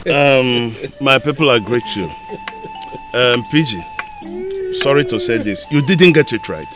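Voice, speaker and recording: A man's voice: mid-range voice, animated, unhurried, music in the background, lightly acted. A man with a Nigerian accent playing a chief's representative who argues hotly in a village council. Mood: arguing. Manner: argumentative, indignant. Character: defiant chief's representative, quick to anger.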